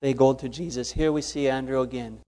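A man's voice: medium pitch, steady tone, a little fast, dark tone. A man preaching a sermon, earnest and fond of repeated emphasis. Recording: long hall reverb.

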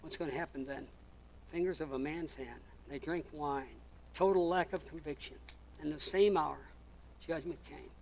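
A male pastor preaching a sermon, calling out questions to the congregation and swinging between loud and soft. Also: a little high, normal speed, creaky, a little hiss or hum, low-quality recording. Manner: preachy, rises and drops in volume, asks the congregation questions.

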